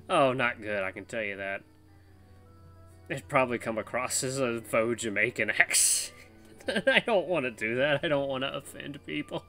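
A man's voice: mid-range voice, lively intonation, a little slow, pauses often, pushed and bright, faint music behind. A man hosting a let's play, chatting casually with giggly, self-aware asides.

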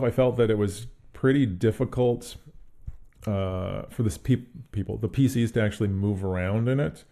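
A man with a low, gravelly voice and a dark, mellow tone talks through a tabletop adventure in casual podcast chat. He thinks aloud as he goes, restarting sentences and hedging his points. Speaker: podcast co-host.

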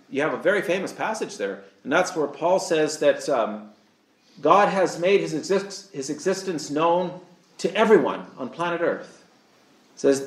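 A man's voice: a little high, echoey room. A man preaching a sermon as pastor, earnest and fond of rhetorical questions to his listeners.

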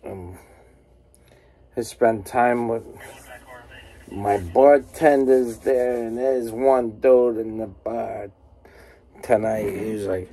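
A woman's voice: very deep voice, extremely slow, pauses often, dark tone, low-quality recording. A woman ranting casually to her viewers, rambling and exasperated, swearing constantly. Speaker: vlogger. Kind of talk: casual profane rant to camera.

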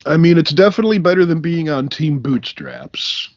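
A man's voice: on the high side, lively intonation, normal speed, dull audio. A man co-hosting a podcast in casual, crude, joking banter, swearing freely. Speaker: podcast co-host. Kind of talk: casual chat.

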